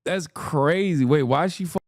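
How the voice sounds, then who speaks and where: A man reacting to video clips in casual commentary, sarcastic and quick to swear, often cutting himself off mid-word. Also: fairly high pitch, slight background noise.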